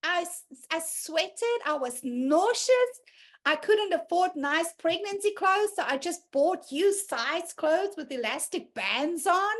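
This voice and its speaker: A woman's voice: very high voice, animated, slow, a bit bright. A woman hosting a candid motivational group talk, frank and earthy, laughing easily. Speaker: host.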